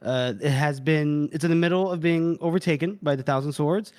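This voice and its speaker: A man's voice: a little high, a little fast, a little mellow. A man co-hosting a book podcast, casually retelling a chapter, swearing and laughing as he goes. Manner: laughing, swearing, acts out characters while retelling. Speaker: podcast co-host.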